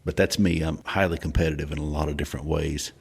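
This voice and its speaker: A man's voice: a bass voice, steady tone, quick pace, gravelly, slight background noise. A man, hosting a casual interview in an easygoing, chuckling manner. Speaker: show host.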